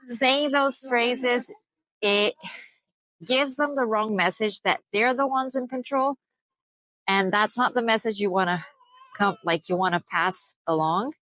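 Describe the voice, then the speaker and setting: A young mother giving parenting advice to the camera in an earnest, explanatory way, slowing down to stress key points. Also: medium pitch, a bit bright, no room sound, poor audio. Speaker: parenting vlogger.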